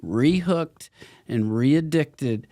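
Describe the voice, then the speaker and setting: A man's voice: medium pitch, expressive, very slow, mellow, no room sound. Middle-aged male actor, podcast guest, blunt and profane, dry close mic. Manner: blunt, swears freely, laughs between stories. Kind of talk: candid storytelling interview.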